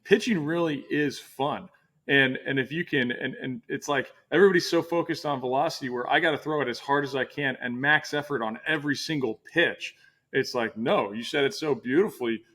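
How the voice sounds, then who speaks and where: A man's voice: a little high, a bit bright. Rambling man hosting a casual chat. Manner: rambling, many restarts and fillers. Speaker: podcast host.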